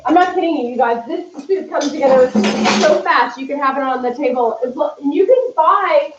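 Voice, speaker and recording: A woman's voice: high-pitched, moderate pace, slight background noise. A woman casually chatting through a live home cooking demo, rambling and scattered as she works in her kitchen. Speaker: cooking vlogger. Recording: roomy, distant, dull mic.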